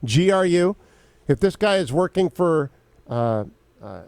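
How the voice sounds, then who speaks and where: High-voiced opinionated radio host man. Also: expressive, vocal fry, a little mellow, clear, resonant tone, no room sound. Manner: brisk, opinionated, lays out points step by step. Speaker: radio talk show host. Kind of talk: political talk radio conversation.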